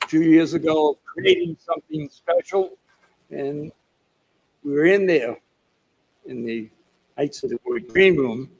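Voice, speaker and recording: Gravelly older man with a Boston accent. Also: fairly high pitch, big pitch swings, a little slow, long pauses, low-quality recording. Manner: digressive storyteller with asides and self-deprecating jokes. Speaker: keynote speaker. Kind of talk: rambling motivational speech. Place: conference hall.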